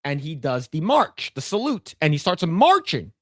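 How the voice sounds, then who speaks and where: This livestream co-host has a slightly high voice whose pitch swoops wildly, and he talks at normal speed. He tells a long, profane, rambling story riddled with stammers and restarts, in clean, dry studio sound.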